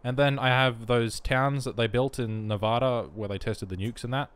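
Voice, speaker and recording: A man's voice: mid-range voice, steady tone, moderate pace, fairly bright tone, clean tone, no room sound. A young man giving wry, self-mocking commentary while playing a life-simulation game. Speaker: let's play host. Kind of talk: casual gameplay commentary.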